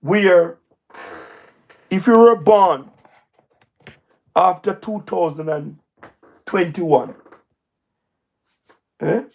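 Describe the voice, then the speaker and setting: A man with a Jamaican accent giving emphatic, repetitive political commentary on a livestream, his voice going hoarse. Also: high-pitched, very slow, pauses often. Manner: repetitive, emphatic, speaks in patois. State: hoarse, voice wearing out. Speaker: livestream host. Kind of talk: live-stream political commentary.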